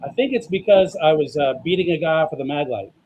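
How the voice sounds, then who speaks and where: A man telling a story in a deadpan way on a casual talk show, with many filler sounds. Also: a little high, fast talker, low-quality recording. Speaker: guest.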